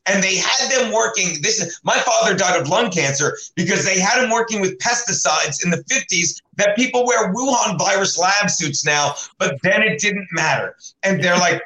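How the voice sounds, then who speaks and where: A man from South Jersey, a comedian hosting a casual talk show, telling stories in a quick, profane, animated way. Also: high-pitched, reverberant, rough recording. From South Jersey, United States. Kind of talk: casual podcast chat.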